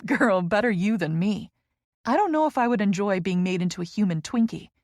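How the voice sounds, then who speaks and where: A woman's voice: mid-range voice, lively intonation, a little fast, no room sound, clean studio sound, lightly acted. Woman voicing brassy teasing best friend Tess. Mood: playful. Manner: brassy, playful, loud teasing.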